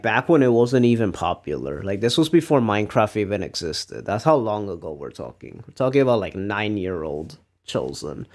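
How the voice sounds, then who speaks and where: A man's voice: on the low side, a little mellow. Rambling young man streamer. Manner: rambling, laughs at himself while telling stories. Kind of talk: casual chat.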